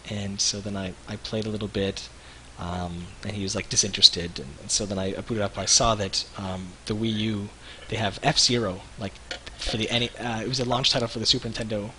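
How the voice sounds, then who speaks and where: A man in his thirties, co-hosting a livestream, telling rambling animated stories with lots of restarts. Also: lowish voice, a little fast, few pauses, a little hiss or hum, poor audio. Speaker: web show co-host. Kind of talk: casual livestream chat.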